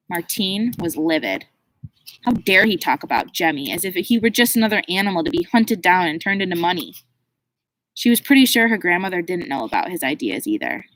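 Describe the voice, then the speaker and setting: A woman narrates a children's novel in a steady, expressive audiobook voice. Her pitch sits fairly low and her reading is even and clear. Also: brisk, a little hiss or hum, low-quality recording. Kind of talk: scripted storybook narration.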